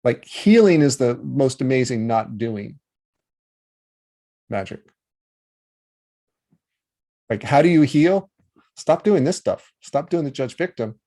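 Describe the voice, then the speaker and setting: A man teaching about healing in a relaxed, conversational way, acting out inner voices with changing tones and checking in with the listener. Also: medium pitch, measured pace, pauses often. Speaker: meditation teacher. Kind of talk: talk on healing.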